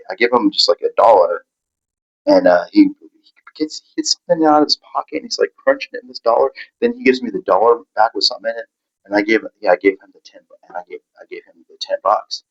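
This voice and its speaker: A man telling a personal story in a halting, rambling way, full of restarts and fillers, acting out the voices of people he met. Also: on the low side, very animated, dull audio.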